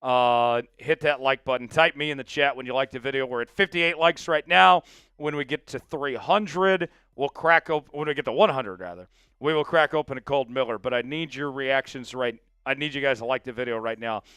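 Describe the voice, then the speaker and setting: A man's voice: medium pitch, moderate pace, sharp tone, clear, resonant tone, no echo, clean studio sound. A man hosting a live sports stream, hyped and pleading with viewers, with bursts of mock outrage. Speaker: livestream sports show host. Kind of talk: casual live-stream chat.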